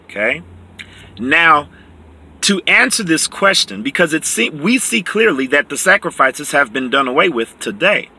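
A man teaching from the Bible, reading verses slowly and explaining them emphatically, often checking in with "okay?". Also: on the high side, big pitch swings, pushed and bright, breathy edge. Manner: reads scripture slowly and deliberately.

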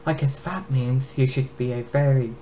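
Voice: medium pitch, steady tone, moderate pace, dark tone, close to an everyday voice, low-quality recording. A reader voicing a cruel, mocking female dragon villain in an amateur dramatic reading, with faint background noise. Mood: taunting. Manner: taunting, theatrical.

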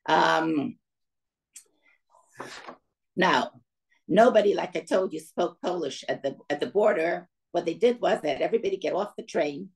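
A woman's voice: fairly low pitch, unhurried, vocal fry, long pauses, rough recording. An older woman giving a talk to an audience, telling a family story and acting out the voices of the people in it. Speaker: guest speaker.

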